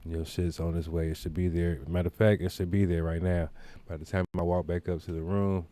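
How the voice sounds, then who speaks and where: A man's voice: sits low, level tone, brisk, warm tone. A man hosting a podcast, telling a rambling, profane anecdote in casual chat with lots of asides. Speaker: podcast host. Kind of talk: casual storytelling.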